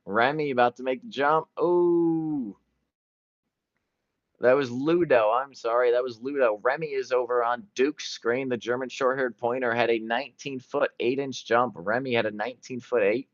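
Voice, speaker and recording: A man giving excited live play-by-play commentary, jumping quickly from one event to the next, on a dull lo-fi stream recording. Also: mid-range voice, no echo. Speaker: sports commentator.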